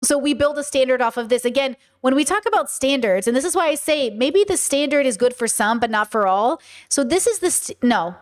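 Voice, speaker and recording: A woman hosting a podcast in a casual monologue, animated and blunt, swearing freely and often restarting her sentences. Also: high voice, brisk, few pauses. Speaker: podcast host.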